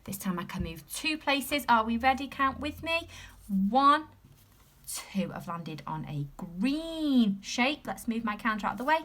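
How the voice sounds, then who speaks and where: Animated sing-song English teacher. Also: female voice, a little high. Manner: sing-song, sounding out letters slowly, encouraging; drops to a whisper at times. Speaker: reception class teacher. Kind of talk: recorded phonics lesson for young children.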